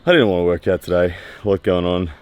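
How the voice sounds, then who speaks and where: A deep-voiced strength training vlogger chats casually in the training area after a workout. His talk is candid and reflective, full of pauses and fillers, and the tone is clean.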